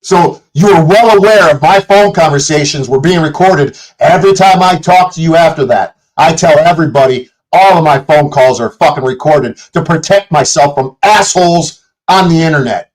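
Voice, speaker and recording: This streamer rages at his chat, cursing and picking fights with commenters and critics throughout his livestream rant. He speaks at a moderate pace in a fairly high-pitched voice. The audio, captured on a streaming setup mic, is rough.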